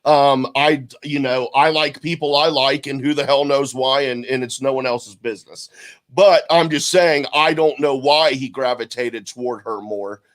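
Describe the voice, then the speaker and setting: A man co-hosting a podcast in casual chat, speaking bluntly and haltingly and restarting his sentences. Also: mid-range voice. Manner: halting and blunt, with frequent restarts and mild swearing. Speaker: podcast co-host.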